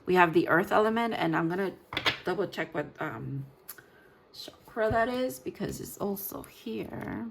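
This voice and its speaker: A woman's voice: medium pitch, animated, unhurried, creaky, a little hiss or hum. A woman giving a casual pick-a-card tarot reading, thinking aloud in a chatty way, often restarting words as she reads card text and joking about herself. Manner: playful, jokes about herself. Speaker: tarot reader.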